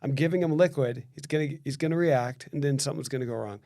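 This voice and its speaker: A man telling a story on a podcast in casual chat. He acts out the quoted lines and often restarts his phrases. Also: mid-range voice. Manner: animated storyteller who acts out quoted dialogue; quick, repetitive restarts.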